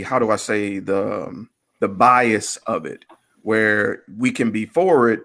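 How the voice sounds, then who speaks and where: Gravelly man explaining in casual chat. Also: medium pitch. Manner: explanatory, thoughtful. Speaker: podcast host.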